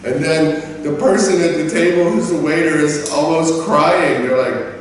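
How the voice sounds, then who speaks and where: A man's voice: measured pace, slight background noise. Man teaching in an echoey room. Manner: animated storyteller, acts out quoted staff in a higher voice. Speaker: English teacher. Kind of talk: lecture with personal anecdotes. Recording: echoey room, mic far off.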